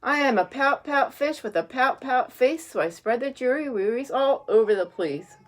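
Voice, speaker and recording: A woman reading as a gloomy pouting fish in a storybook, mopey and sing-song. The voice dips lower on the drawn-out sounds and stays slow and glum. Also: expressive. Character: gloomy male fish who pouts.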